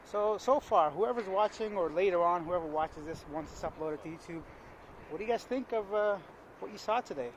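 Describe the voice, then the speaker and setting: Guy vlogging on some hills, kinda high voice, chatty and joking at himself, wind and traffic noise behind him. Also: brisk, lo-fi sound. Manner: chatty, self-mocking, talks to camera. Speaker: travel vlogger. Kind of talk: casual vlog narration. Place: outdoors on rocky hills above a city. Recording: outdoor mic with wind and street noise. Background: traffic, car horns and dogs outdoors.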